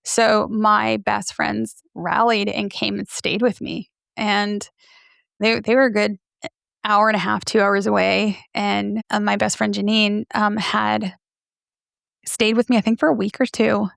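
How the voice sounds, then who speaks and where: A woman's voice: medium pitch, measured pace, vocal fry, no room sound, studio quality. A woman podcast host in her thirties, earnestly telling a personal story in a candid interview and acting out the things people said to her. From from near New York City. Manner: earnest, animated storytelling, acts out quoted dialogue.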